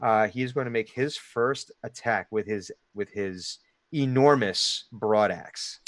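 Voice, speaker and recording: A man's voice: on the low side, unhurried, dry recording. A man running a tabletop game as dungeon master, with a Delaware Valley accent, rambling with frequent restarts and laughs.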